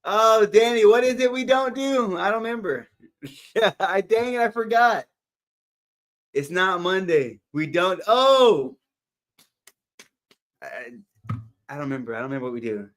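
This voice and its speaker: A man's voice: sits high, lively intonation, a little slow, pauses often, fairly bright tone. A man hosting a live motivational stream, greeting viewers by name in an upbeat, chatty way and laughing often. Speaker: livestream motivational host. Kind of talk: live stream chat reading. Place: home livestream setup.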